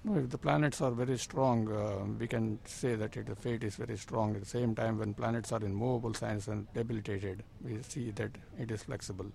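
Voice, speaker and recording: Indian-accented male astrologer guest, low gravelly voice, earnest and agreeable. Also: fairly even intonation, a little fast, hardly any pauses, a little mellow. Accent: Indian English. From South India. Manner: short affirmations, earnest and agreeable. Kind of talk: interview answers. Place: conference.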